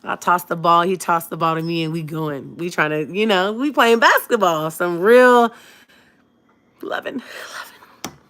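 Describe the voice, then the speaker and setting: A woman vlogger telling her viewers a personal story in a casual, animated way, full of slang and asides, laughing often and swinging between hushed and loud. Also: fairly low pitch, normal speed, few pauses.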